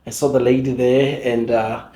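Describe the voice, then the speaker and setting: A Zulu-speaking man with a Zulu-accented South African English accent appears as a podcast guest in a casual storytelling interview. He tells stories animatedly at a medium pitch and moderate pace, frequently restarting sentences, using fillers, and imitating other people's voices. The recording is reverberant.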